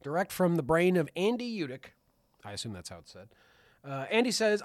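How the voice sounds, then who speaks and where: A man's voice: on the high side, big pitch swings, a little fast, no echo, studio quality. A man co-hosting a film podcast, joking and reading out listener comments in casual chat. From maritime region. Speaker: podcast co-host.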